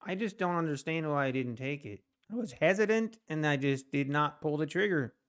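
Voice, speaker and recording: A man streaming his day trading live, talking casually to his chat in an animated, self-mocking way, exclaiming in disbelief. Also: fairly high pitch, brisk, clear, resonant tone.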